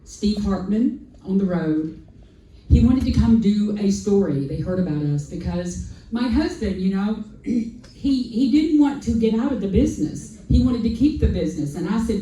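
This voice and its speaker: A woman telling an animated personal story on a festival panel, acting out quoted dialogue and repeating lines for emphasis, heard from a distant mic. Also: medium pitch, normal speed, slight background noise. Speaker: sanctuary founder on a festival panel. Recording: echoey hall, voice from far off.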